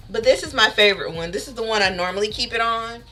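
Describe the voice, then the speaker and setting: A woman's voice: a little high, wildly swooping pitch, normal speed, bright, forceful tone, faint music behind. A woman streamer chatting casually with her live audience, bubbly and chatty, laughing often.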